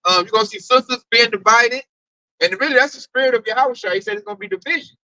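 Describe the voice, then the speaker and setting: A man in a casual religious group discussion, telling animated stories and swearing freely. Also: very high voice, fast talker, creaky, dry recording. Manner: animated storyteller, mimics coworker, swears freely. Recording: dull dry recording.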